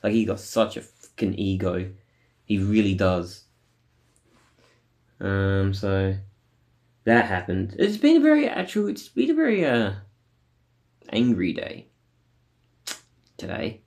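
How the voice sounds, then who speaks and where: A man's voice: on the low side, sing-song, slow pace, long pauses, darkish tone. A man venting in a casual monologue, angry and rambling, swearing often and stopping on fillers. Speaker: vlogger.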